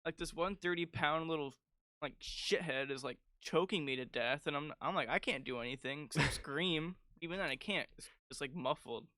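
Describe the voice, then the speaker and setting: A young man with a bright, clear, smooth voice tells animated childhood stories on a podcast, peppered with filler words. The mic is close and dry. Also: fairly high pitch, moderate pace, no echo. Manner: animated storytelling with frequent "like" fillers. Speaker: podcast co-host. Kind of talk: casual chat.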